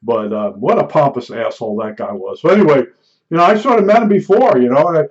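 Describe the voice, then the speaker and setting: A man's voice: fairly high pitch, expressive, fast. An older man telling meandering stories in casual chat, often restarting sentences and chuckling at his own anecdotes. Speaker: vlogger. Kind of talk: rambling casual storytelling. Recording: dull lo-fi recording.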